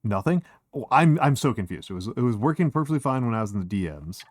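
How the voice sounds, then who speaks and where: This streamer host, a very animated fast talker with a medium-pitched voice, chats casually but hesitantly, full of restarts and fillers, over slight background noise.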